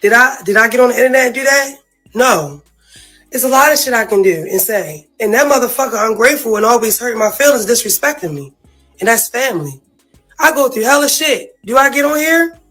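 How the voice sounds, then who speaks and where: A woman's voice: a little high, expressive, a little fast, fairly bright tone, soft background music, rough recording. A woman in an emotional, profane, casual rant about family, often saying "you feel me" and near tears. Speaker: sister speaking out.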